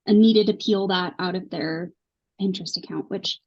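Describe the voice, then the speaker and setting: A woman co-hosting a casual chat, speaking in a relaxed, conversational way over a video call. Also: on the low side, normal speed. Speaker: co-host. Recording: dull lo-fi video call audio.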